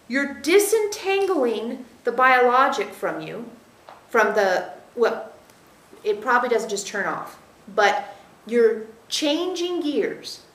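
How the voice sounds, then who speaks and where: A woman with a high, bright-pitched voice gives a channeled spiritual teaching to a small group. She explains step by step in a measured tone, speaking as "we" and pausing to check understanding. The recording has a roomy echo. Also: sing-song.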